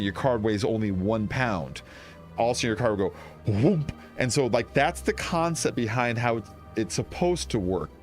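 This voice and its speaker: A man chatting excitedly while streaming a video game, rambling and laughing often. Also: medium pitch. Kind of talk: casual gameplay commentary.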